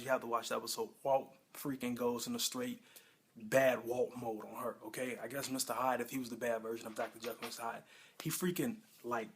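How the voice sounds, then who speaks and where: A man casually reviewing a TV episode at home, excitable and rambling, with lots of fillers and self-corrections. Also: mid-range voice, slight background noise. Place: home room with a pet nearby.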